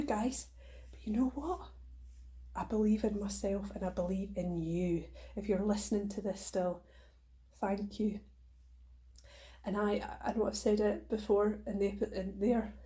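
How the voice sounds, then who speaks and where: Mellow-voiced woman hosting a motivational podcast. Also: mid-range voice, moderate pace. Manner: warm, earnest and emotional, encouraging listeners. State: tearful at times. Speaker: podcast host.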